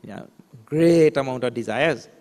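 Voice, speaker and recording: A swami delivers a spiritual lecture in a medium-pitched, somewhat dark male voice, explaining scriptural terms and posing rhetorical questions. He chants verses slowly, and the recording carries a long hall reverb.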